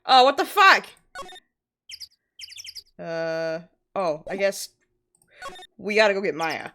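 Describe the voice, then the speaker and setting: A woman's voice: mid-range voice, expressive, takes it slowly, sharp tone, a little hiss or hum. A woman streamer giving casual let's-play commentary, offhand and prone to swearing.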